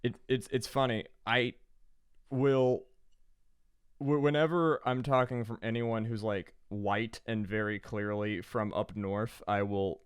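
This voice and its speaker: A man's voice: on the low side, fairly even intonation, slow pace, clear, resonant tone, no echo, studio quality. Sardonic rambling man from Georgia. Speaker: podcast co-host. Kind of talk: casual podcast chat.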